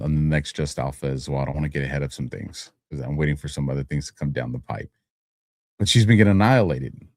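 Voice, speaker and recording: Deep-voiced man hosting commentary. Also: darkish tone, no room sound, clean studio sound. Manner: conversational, addresses listeners as folks. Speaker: host. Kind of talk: commentary on played clips.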